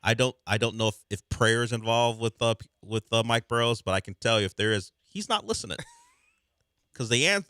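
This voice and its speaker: A man's voice: medium pitch, moderate pace, pushed and bright, smooth, no echo. A man hosting a sports radio show, talking casually and rambling with restarts. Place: radio studio.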